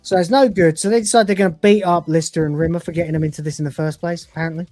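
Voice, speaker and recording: A woman with a fairly low voice chats through an episode recap. She keeps breaking into character voices as she retells the scenes. The sound is dry and close, with faint music under it. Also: steady tone, rapid-fire, mellow, no room sound. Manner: acts out the characters' lines with voices and laughs. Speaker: podcast co-host reviewing episodes. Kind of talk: casual livestream review, retelling scenes.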